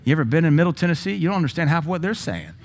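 A male pastor teaching a sermon in a lively, joking way, now and then breaking into praying in tongues. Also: a little high, very fast, breathy edge.

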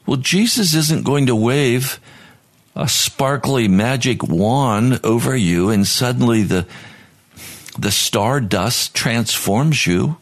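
A man's voice: mid-range voice, animated, slow pace. A man preaching a sermon as pastor, earnest and at times pleading in prayer.

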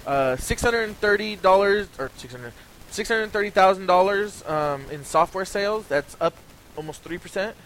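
A high-voiced, animated man hosts a laid-back gaming podcast, going through sales numbers at a moderate pace with frequent ums and false starts. His tone is fairly bright, though slightly hoarse from talking. Poor audio quality, with a faint hiss.

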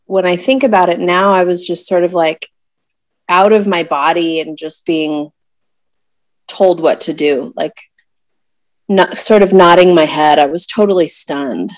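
Low, dry-voiced woman telling a raw personal story. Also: no room sound. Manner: emotional, searching, many pauses and fillers. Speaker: guest telling a birth story.

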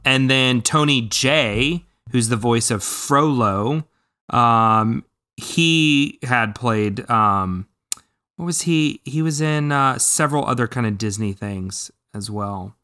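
A man's voice: mid-range voice, slow pace, bright, forceful tone, clear, resonant tone. A man co-hosting a podcast, chatting casually and eagerly about films, with frequent ums and restarts. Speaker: podcast co-host. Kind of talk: casual movie discussion.

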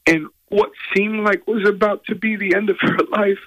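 A man, a guest musician, telling a personal story in an earnest, halting, emotional way from a hotel room. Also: high-pitched, steady tone, dull audio.

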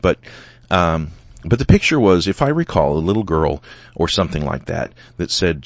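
A solo podcast host with a low-pitched voice retells an online argument and reads comments aloud, using many fillers. The recording is dull, lo-fi and dry, with no echo.

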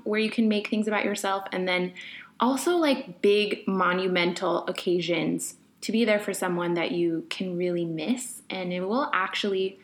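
Woman, young adult, podcast host, candid, conversational, fillers. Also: medium pitch. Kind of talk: reflective personal storytelling.

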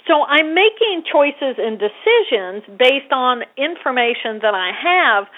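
A woman with a fairly high, bright voice comes through a tinny, phone-like line. She explains ideas conversationally as an interview guest and turns animated when she acts out small scenes, her voice climbing as she does. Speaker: guest brain scientist.

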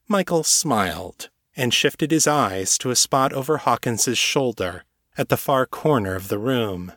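A man narrating a novel chapter in scripted audiobook style, with a measured, even delivery. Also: mid-range voice, no echo, clean studio sound.

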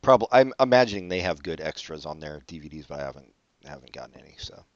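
A man's voice: very deep voice, animated, fast, dry recording. A man co-hosting a casual late-night podcast chat, joking and punning as he rambles. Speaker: podcast co-host. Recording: dull lo-fi dry recording.

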